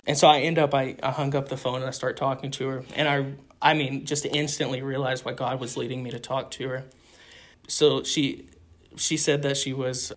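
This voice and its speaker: A young man, a street evangelist, telling stories of his ministry in an earnest, animated way with frequent restarts. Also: a little high, fairly quick. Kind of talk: casual interview storytelling.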